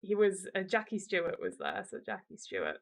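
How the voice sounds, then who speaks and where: A woman's voice: mid-range voice, wildly swooping pitch, brisk. Chatty woman host. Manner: chatty, giggly storyteller. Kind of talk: casual podcast chat.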